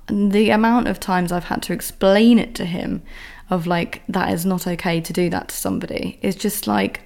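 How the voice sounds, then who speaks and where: A woman's voice: medium pitch, vocal fry, darkish tone. A young woman hosting a podcast, telling a story in an exasperated, ranting monologue with heavy swearing. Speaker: podcast host. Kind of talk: candid solo monologue.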